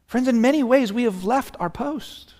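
A man preaching a sermon as a pastor, earnest and conversational, often restarting and dropping to a hush. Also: very high voice, normal speed. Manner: earnest, conversational, with many restarts and sudden soft drops. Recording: long hall reverb.

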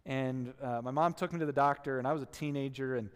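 Male pastor, sermon delivery, animated storyteller, long reverb. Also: medium pitch, quick pace, clear, resonant tone. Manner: animated storytelling, acting out quotes, self-deprecating.

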